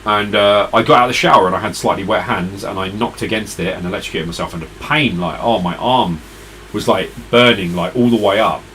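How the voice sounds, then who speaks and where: A man's voice: fairly low pitch, fairly quick, a bit bright, a little hiss or hum, poor audio. A tired man streaming retro games, chatting casually and rambling to his viewers. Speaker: retro gaming live streamer. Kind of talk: casual live-stream chat.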